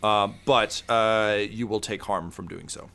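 A man's voice: fairly low pitch, steady tone, a little slow, creaky, sharp tone. A man narrating a tabletop game as game master over a video call, laid-back and full of fillers.

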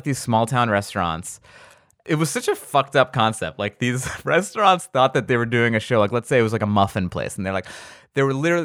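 A man hosting a podcast, telling stories in casual chat and acting out quotes in high voices. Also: no room sound, studio quality. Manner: animated storyteller, acts out quotes in high voices. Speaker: podcast host.

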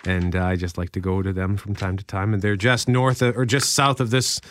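A man co-hosting an afternoon radio show, chatting casually and reading a traffic notice in an even newsreader way. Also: fairly low pitch, fairly quick. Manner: easygoing, laughs easily, reads copy evenly. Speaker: radio co-host. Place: radio studio. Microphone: studio microphone.

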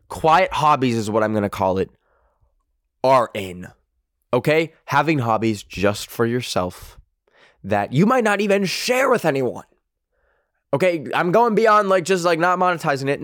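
A man's voice: medium pitch, no room sound, clean studio sound. A man hosting a podcast, ranting casually and swearing a lot, rambling with many fillers. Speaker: podcast host. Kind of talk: casual opinion rant.

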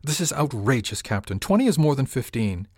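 A man's voice: medium pitch, very animated, fairly quick, a little mellow, dry recording, studio quality, pitched above the performer's own voice. A man voicing a pompous, indignant male passenger in a fine suit, haughty and complaining, in an audiobook reading.

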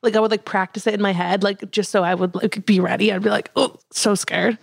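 Chatty young woman with gravelly fry. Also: mid-range voice, fast, no room sound, studio quality. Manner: chatty, many fillers, animated. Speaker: podcast co-host. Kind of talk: casual chat.

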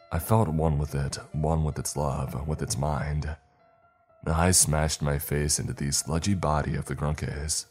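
A man narrating a first-person horror story in a measured, dramatic way. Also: rumbling low, a little mellow.

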